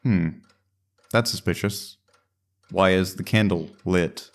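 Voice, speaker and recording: A man's voice: low voice, slow pace, creaky. A man giving casual let's-play commentary in a rambling, musing way, often restarting his sentences. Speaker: gaming commentator.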